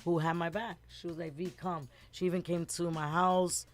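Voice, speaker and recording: A middle-aged woman, telling a lively story as a guest in a casual interview and acting out the voices of the people in it. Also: fairly low pitch, brisk, soft background music. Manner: animated, acts out quoted voices, switches between English and Spanish words.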